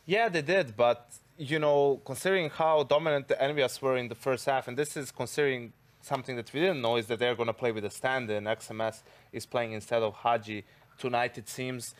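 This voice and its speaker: A man giving esports analysis at a studio desk, explaining in a measured way with frequent "you know"s. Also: medium pitch. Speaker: esports caster.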